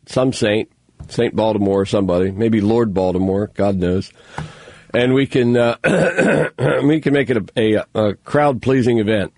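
A man's voice: fairly low pitch, measured pace, vocal fry, a little mellow, dry recording. A man hosting a talk show, rambling through news stories with sarcastic, mocking asides. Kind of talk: casual news commentary monologue.

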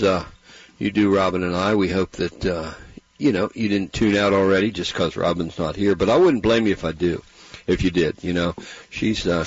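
A man's voice: low-pitched, husky, no room sound. A middle-aged man, hosting a radio show in a folksy, rambling way while congested from bronchitis. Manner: folksy, rambling, with many fillers. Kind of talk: casual radio talk. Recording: dull, muffled radio broadcast.

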